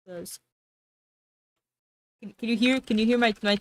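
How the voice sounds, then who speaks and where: A woman's voice: on the high side, a little slow, long pauses. Sarcastic woman streamer, casual chat. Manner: rambling, sarcastic, trails off mid-sentence.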